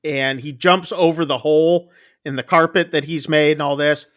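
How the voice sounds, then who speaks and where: A man's voice: a little high, steady tone, normal speed, fairly bright tone. A man co-hosting a casual movie review, retelling the plot loosely with many fillers. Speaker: podcast co-host.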